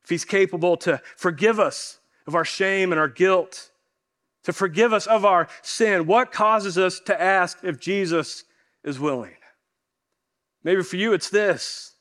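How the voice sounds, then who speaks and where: A male pastor preaching a sermon in an earnest way, often dropping softer at the end of a point and repeating phrases for emphasis. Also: sits high, measured pace.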